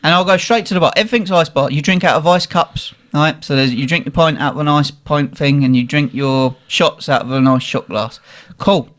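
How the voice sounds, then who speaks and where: A young man, animated and swearing as he tells a funny story in casual chat. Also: fairly high pitch, fairly quick, few pauses. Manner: animated, swearing, laughing at his own story. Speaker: guest telling a story.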